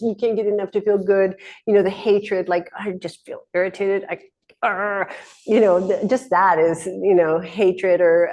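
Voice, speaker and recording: A woman's voice: lowish voice, darkish tone. A middle-aged woman hosting a casual spoken teaching talk, rambling along with frequent restarts and laughs. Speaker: host.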